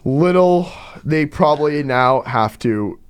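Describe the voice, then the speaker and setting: A young man hosting a podcast, telling a story in a casual, animated way and acting out what others said. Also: on the high side, takes it slowly, smooth. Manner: animated, acts out quotes in exaggerated voices. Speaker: podcast host. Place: indoor studio.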